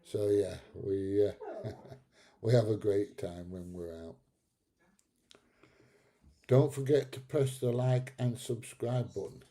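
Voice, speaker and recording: A man's voice: on the low side, slow pace, long pauses, dark tone. A man in his seventies hosting a live stream, reading out chat comments and bantering back at trolls with frequent laughs. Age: 70s. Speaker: livestream host reading chat.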